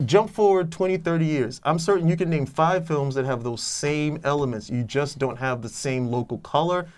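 A man's voice: on the high side, moderate pace. A man on a podcast, chatting casually about films in a rambling way with many restarts. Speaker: podcast co-host. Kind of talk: casual film review chat.

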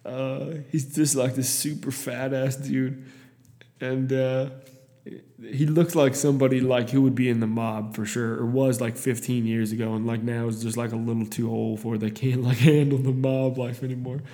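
A man's voice: medium pitch, flat delivery, moderate pace, mellow, in a large hall. Rambling young man from Iowa. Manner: rambling, profane, many restarts. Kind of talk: casual storytelling.

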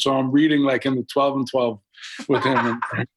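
This podcast guest, a rapper and actor with a Boston accent, talks fairly quickly in a mid-range voice with little pitch movement, and the recording is rough. He joins by video call from home for a casual interview, sounding relaxed and rambling a bit with fillers.

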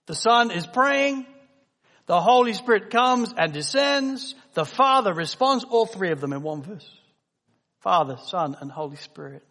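A middle-aged man preaching a sermon, swinging from loud proclaiming to a hushed, tender near-whisper. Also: high-pitched, animated, unhurried, long reverb tail.

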